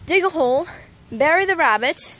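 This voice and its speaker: A woman giving a casual, sarcastic garden tour outdoors in her backyard, with deadpan asides. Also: high-pitched, normal speed, background noise. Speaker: vlogger. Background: neighbor's dog barking.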